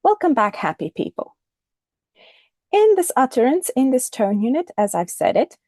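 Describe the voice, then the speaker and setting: A woman teaching a recorded lesson, speaking clearly and deliberately and modelling the intonation of example phrases. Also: sits high, huge pitch swings, dark tone, dry recording, clean studio sound. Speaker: English teacher.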